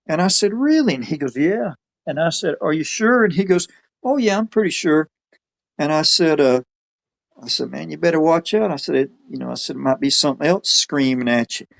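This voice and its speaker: A man's voice: a little high, moderate pace, vocal fry, a bit bright. A man telling a story in a rambling, folksy way, quoting people as he goes. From Alabama. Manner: folksy, rambling, quotes others in his own voice. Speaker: podcast guest telling a story. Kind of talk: casual storytelling.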